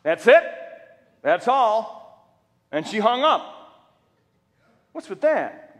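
Animated high-voiced preacher in an echoing hall. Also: male voice, a little slow, pauses often. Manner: animated, acts out quotes with humor. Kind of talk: storytelling sermon. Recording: reverberant church hall.

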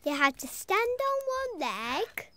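A woman voicing a cheerful, helpful little girl bunny in a cartoon, speaking brightly and eagerly with giggles. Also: very high voice, big pitch swings, slow, slight background noise, exaggerated voice. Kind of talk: cartoon voice acting. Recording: music playing behind.

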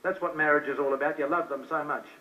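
A New Zealand man preaches an evangelistic sermon to a hall, talking fast in a high voice with fairly even intonation. He repeats himself and fires questions at the crowd. The old live recording sounds distant and dull.

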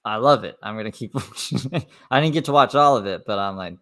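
Sarcastic low-voiced male streamer. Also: fast talker, fairly bright tone. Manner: sarcastic, profane, mocking. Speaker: commentary streamer. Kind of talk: reaction commentary livestream.

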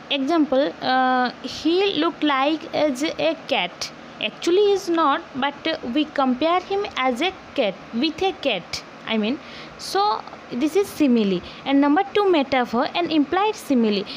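High-pitched woman explaining a poem. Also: slight background noise, rough recording. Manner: unscripted, many "uh" fillers, spells words out letter by letter. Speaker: literature teacher. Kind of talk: explanatory lesson narration.

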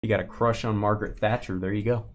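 Opening packs on a live card break stream, this man keeps up lively, chatty banter and playfully teases his viewers. He talks quickly in a lowish voice.

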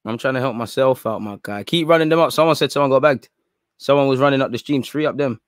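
A man hosting a live stream in casual chat. He is slangy and rambling, and he shifts between low mutters and excited outbursts. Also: quick pace, no room sound, studio quality.

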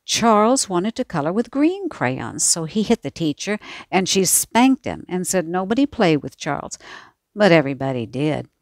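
A woman voicing a cheeky, boastful kindergarten boy who talks in an excited, taunting way. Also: fairly low pitch, normal speed, no room sound, studio quality. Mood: gleeful. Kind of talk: audiobook character voice.

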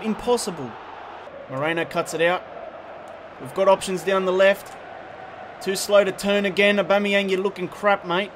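A man's voice: sits high, slight background noise. Frustrated young man playing football game. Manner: animated, frustrated, swings from muttering to shouting. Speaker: gaming video creator. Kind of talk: live football game commentary.

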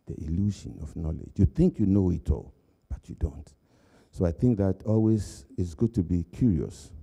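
A man's voice: low-pitched, expressive, moderate pace, vocal fry, warm tone. An older man giving a conversational keynote speech, telling anecdotes and laughing at his own jokes. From Ghana. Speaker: keynote speaker.

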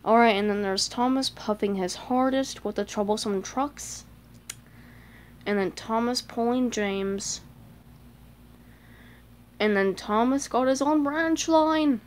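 A woman's voice: on the high side, takes it slowly, long pauses, slight background noise. Chatty young-sounding woman flipping a book. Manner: chatty, lots of "like", gasps and little voices. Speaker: fan showing a picture book. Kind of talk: casual book flip-through commentary.

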